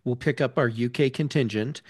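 A man hosting a casual chat stream, with a halting delivery full of fillers and dry jokes. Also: mid-range voice. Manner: slow and halting, many fillers, dry humor. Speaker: host.

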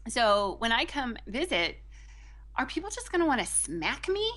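An American woman in playful on-air banter, gushing and flirty. Her voice sits high and moves a lot in pitch. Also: big pitch swings, moderate pace, fairly bright tone. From United States. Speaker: radio co-host.

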